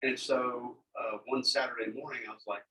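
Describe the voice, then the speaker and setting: Heard through a distant mic with faint background noise, this man is a longtime radio DJ guest telling folksy stories in casual chat. His mid-range voice is steady, sharp in tone, and moderately paced.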